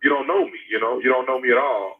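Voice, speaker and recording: A man's voice: mid-range voice, huge pitch swings, quick pace, vocal fry, very noisy. A man making a prank phone call, talking in a hesitant, stammering, coaxing way. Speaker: radio prank caller. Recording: tinny phone-line sound.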